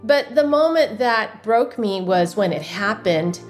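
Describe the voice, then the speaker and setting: A woman's voice: medium pitch, expressive, measured pace, soft background music. A woman telling an emotional personal faith story as a podcast guest, earnest and full of quoted inner voices. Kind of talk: personal testimony in a podcast interview.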